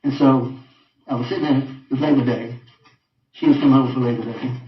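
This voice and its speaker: An older man giving a halting personal account in an interview, repeating himself and often trailing off quietly. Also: mid-range voice, fairly even intonation, heavy background noise. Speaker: interviewed father. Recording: roomy, distant, dull audio.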